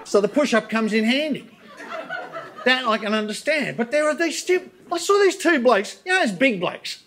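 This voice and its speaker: A man's voice: extremely high pitch, moderate pace, slight background noise. Wry man doing stand-up. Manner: deadpan, wry storytelling with asides. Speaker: stand-up comedian guest. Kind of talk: stand-up comedy routine. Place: on stage before a live audience.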